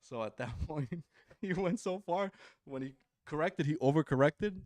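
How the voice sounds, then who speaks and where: A man's voice: on the high side, normal speed, dry recording. A man telling tour stories as a podcast guest, casual and full of swearing. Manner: profane, animated storyteller. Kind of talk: casual storytelling.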